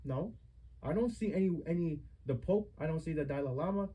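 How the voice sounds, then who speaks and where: A man's voice: on the high side, animated, brisk, mellow, husky, rough recording. A young man in a heated family argument, confronting his mother with accusing, repetitive rhetorical questions.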